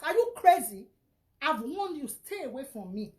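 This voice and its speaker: High-pitched, scolding Nigerian woman. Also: big pitch swings, moderate pace. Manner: scolding, insulting, repeats herself. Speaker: vlogger. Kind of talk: angry social media rant.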